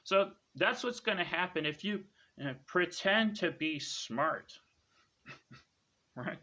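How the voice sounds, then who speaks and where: A man's voice: high-pitched, lively intonation, slow, bright, forceful tone. A man ranting to his viewers in a smug, scornful lecturing tone, ending claims with "right?". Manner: lecturing, repeats "right?" after each claim. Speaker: online commentator.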